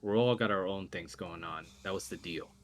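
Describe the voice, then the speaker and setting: A man voicing an impatient, sharp-tongued old witch woman who talks in a sneering, dismissive way. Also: fairly low pitch, expressive, a little slow, breathy edge. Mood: scornful.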